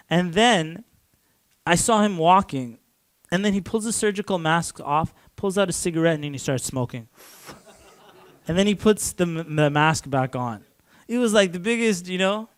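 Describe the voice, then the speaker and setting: A man's voice: on the high side, dry recording. A man from Canada giving a casual lecture to a class, talking loosely with lots of "like" and restarts and chuckling often.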